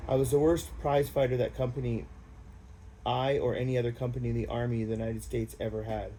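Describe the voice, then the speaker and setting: A man reading a war memoir aloud in a plain, unpolished way, with a mid-range voice. His tone is dark and mellow, and a faint hiss sits under the reading. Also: mid-range voice, little pitch movement, fast talker, rough recording. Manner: plain, unpolished, casual asides. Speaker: audiobook reader.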